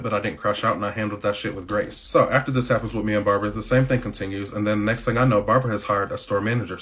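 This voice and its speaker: Low-voiced man, races through a blunt, salty workplace story with dry asides. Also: a bit bright. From United States. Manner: blunt, profane, wry asides. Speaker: vlogger telling a workplace story. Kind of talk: casual storytelling to camera.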